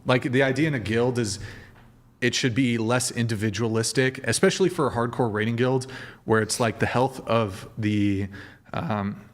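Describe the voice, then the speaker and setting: A man's voice: mid-range voice, moderate pace. A man hosting a podcast livestream, chatting casually, rambling and swearing as he talks straight to his viewers. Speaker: podcast host.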